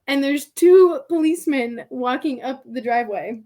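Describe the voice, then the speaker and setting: A woman with a high, light voice tells a story on a podcast, chatty and animated. She laughs often, keeps saying "like" and switches into little voices for the people she quotes. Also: measured pace. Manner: chatty, heavy use of "like" and "I'm like". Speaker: podcast guest. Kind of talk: storytelling in casual conversation.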